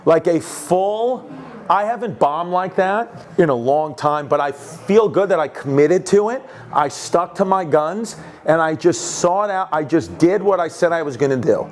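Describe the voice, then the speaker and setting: Animated New York comedian, laughing storyteller. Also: male voice, fairly high pitch, measured pace. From Queens, New York. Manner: animated, laughing through his own story. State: sweaty, winded after a set. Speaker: stand-up comedian. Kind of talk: stand-up storytelling, then backstage chat.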